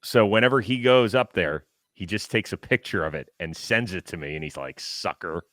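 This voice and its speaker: A man's voice: on the low side, animated, a little fast, fairly bright tone, no room sound. A middle-aged man hosting a casual baseball talk show, chatty and jokey as he talks to his co-host and viewers.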